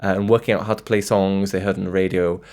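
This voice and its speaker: A man's voice: low-pitched, flat delivery, fast talker, a little mellow. A man narrating a scripted music video essay, with wry, self-deprecating asides.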